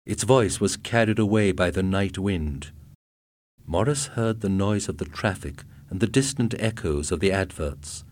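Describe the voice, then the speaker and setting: A man narrating a story aloud in a steady reading voice. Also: deep voice, a little slow, no echo. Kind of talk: audiobook narration.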